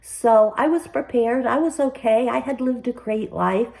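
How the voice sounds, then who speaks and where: A woman's voice: on the high side, measured pace, vocal fry, a little mellow, poor audio. An older woman hosting a personal commentary, telling her story in an emphatic, upbeat way. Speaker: commentary host.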